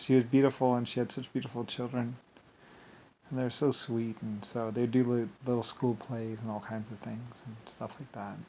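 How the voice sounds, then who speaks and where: A man's voice: medium pitch, vocal fry, a little mellow, slight background noise. A man talking in a rambling vlog monologue, drifting between thoughts and laughing often. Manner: meandering, laughs often, keeps saying "anyway". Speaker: vlogger.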